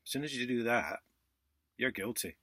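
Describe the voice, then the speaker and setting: A man vlogging in a casual, indignant monologue, sarcastic, with loud outbursts and muttered asides. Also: mid-range voice, expressive, moderate pace, no room sound. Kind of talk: casual ranting monologue to camera.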